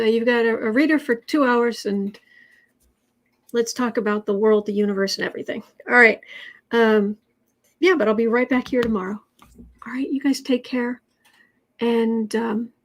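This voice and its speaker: A woman chats through her daily tarot livestream from home in a relaxed, meandering way, circling back and restarting her sentences. Her voice sits a touch high for a woman. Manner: rambling, with frequent restarts and fillers. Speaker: tarot reader and livestream host. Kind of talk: casual livestream chat.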